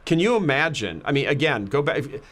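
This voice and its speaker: A man's voice: a little high, big pitch swings, brisk, fairly bright tone. A man in his fifties telling an anecdote as a guest in a casual chat, laughing often. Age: 50s.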